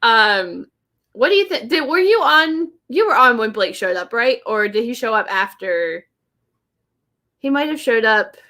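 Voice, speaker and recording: A woman's voice: fairly high pitch, animated, unhurried, bright, forceful tone. A woman co-hosting a podcast in casual chat, laughing often and gushing with lots of "like.". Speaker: podcast co-host.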